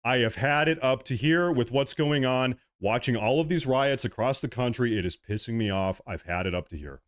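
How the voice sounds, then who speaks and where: A man's voice: mid-range voice, moderate pace. A man hosting a livestream, ranting in agitated bursts about the news and thanking viewers. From United States. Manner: agitated ranting, then calming down. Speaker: livestream host. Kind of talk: livestream commentary.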